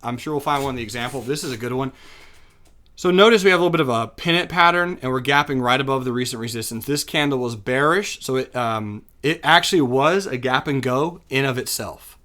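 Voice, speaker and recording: Casual male trading instructor, young adult, mid-pitched, talks through charts off the cuff with plenty of "uh" and restarts. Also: a little fast, pushed and bright. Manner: casual, chatty, thinking aloud with fillers and self-corrections. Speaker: day trading teacher. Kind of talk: screen-share chart lesson.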